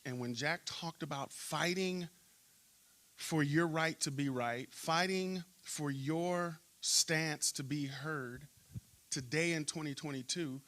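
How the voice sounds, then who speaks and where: A middle-aged man, a pastor, telling a story in a church interview and acting out shouting crowds. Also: a little high, slow pace. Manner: animated storyteller, acts out crowd chants.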